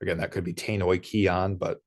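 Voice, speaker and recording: Low-voiced guy teaching greek grammar, methodical, talks it through step by step. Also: flat delivery, moderate pace. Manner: methodical, explanatory, self-correcting. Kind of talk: walking through a grammar exercise.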